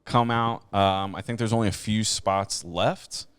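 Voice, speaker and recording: A man's voice: on the low side, unhurried, clean tone, no echo. Laid-back man hosting a podcast. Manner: relaxed, rambling, filler-heavy, laughs often. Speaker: podcast host. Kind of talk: casual chat.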